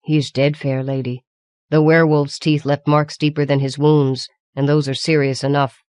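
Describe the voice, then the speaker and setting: A woman reading the part of a grave old man who guides the way, speaking low and hushed. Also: level tone, normal speed, no room sound, studio quality, lightly acted. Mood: solemn.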